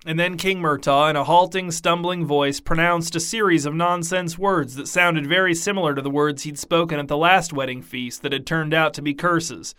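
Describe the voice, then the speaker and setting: A man reading a comic fantasy story aloud in a dry, deadpan narration. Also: a little high, normal speed, hardly any pauses, clean tone. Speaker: audiobook narrator. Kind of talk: scripted narration.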